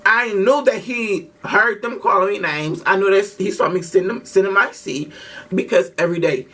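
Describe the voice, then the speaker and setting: Recorded from a distance, this man speaks at normal speed in a high-pitched, sharp-toned voice. He's a vlogger casually recounting a story to viewers, full of slang, swearing and frequent restarts.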